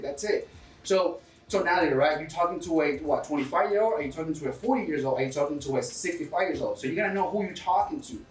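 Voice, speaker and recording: A man's voice: fairly high pitch, lively intonation, quick pace, reverberant, recorded from a distance, slight background noise, low-quality recording. A man with a foreign accent, English not his first language, talking energetically in a casual interview and coaching listeners, often calling people dude and bro. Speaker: real estate investor guest.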